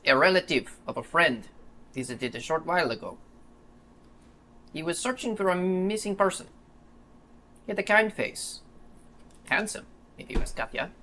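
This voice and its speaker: A secretive father with a French accent, voiced by a man, speaks in a grave and measured way. The tone is bright and earnest. Every line carries the weight of things he cannot say. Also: high voice, lively intonation, a little hiss or hum. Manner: grave, measured letter-reading.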